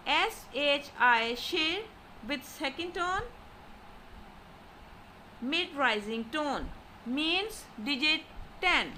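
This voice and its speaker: A woman teaches a language lesson in a slow, deliberate way, pausing to sound out example syllables with exaggerated tones. Her voice sits high and bright, and she keeps her pace unhurried. Faint noise hums behind her. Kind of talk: slow explanatory lesson narration.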